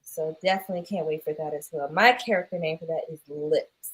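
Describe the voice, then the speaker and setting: Woman, New Orleans accent, young adult, husky, lively, laughs often, casual interview. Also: sits low, brisk, poor audio. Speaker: guest actress.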